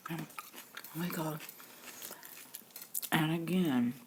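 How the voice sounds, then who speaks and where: A middle-aged woman telling a family story in a soft, half-whispered voice that keeps breaking into laughter. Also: sits low, extremely slow, noisy background.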